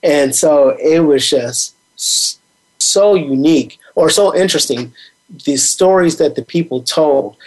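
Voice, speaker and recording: A man's voice: on the high side, unhurried, darkish tone. A man hosting a sports talk radio show, talking in a rambling, casual way with plenty of fillers. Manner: rambling, conversational, many fillers.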